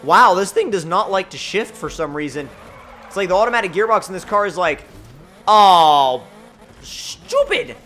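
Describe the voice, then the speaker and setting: A man giving excitable, jokey, rambling commentary while playing a racing game. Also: sits high, brisk, a little hiss or hum. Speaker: gaming channel host. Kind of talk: gameplay commentary.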